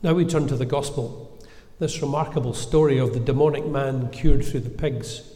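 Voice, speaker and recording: A man preaching a sermon in a measured, gentle, earnest way, with reflective pauses. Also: medium pitch, steady tone. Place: church. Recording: echoey church with long reverb.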